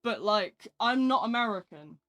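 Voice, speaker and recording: A young British woman talks into a desk mic during a live game stream, her voice sitting at an ordinary middle pitch. She rambles in a chatty, self-deprecating way, answering her chat as she plays. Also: lively intonation, moderate pace, a bit bright, soft background music.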